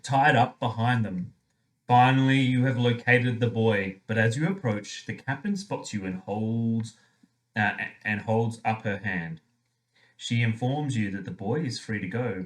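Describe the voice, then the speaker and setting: A man playing a tabletop game, reading game text aloud in a playful way. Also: mid-range voice.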